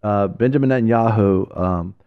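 A man's voice: lowish voice, normal speed, clear, resonant tone, phone-quality sound. A man hosting a religious broadcast, preaching with a fervent, exhorting delivery and repeating phrases for emphasis.

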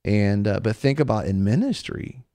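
A man with a lowish voice and a Southern American accent speaks at a moderate pace in a dry recording. He's a radio host on a faith talk show, chatting casually as an animated storyteller who acts out the quotes in his stories.

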